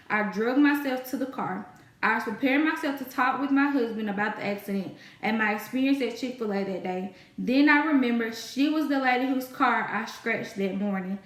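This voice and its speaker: A woman telling a casual storytime about work, exasperated and ranting about difficult customers. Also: on the high side. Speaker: storytime vlogger. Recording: echoey room.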